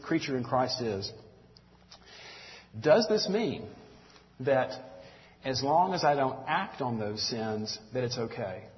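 A man's voice: mid-range voice, a little hiss or hum. Southern man preaching in an echoey hall. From Mississippi, US. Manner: folksy, earnest, addresses listeners as y'all. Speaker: church teacher. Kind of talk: conversational sermon. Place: church room with audience. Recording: dull lo-fi recording in echoey hall.

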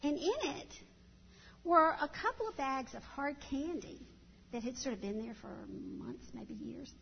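Middle-aged woman, church speaker, animated storytelling, high voice, long hall echo. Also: measured pace, vocal fry, a little hiss or hum. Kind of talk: storytelling talk to a church audience. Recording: dull sound in a long-reverb hall.

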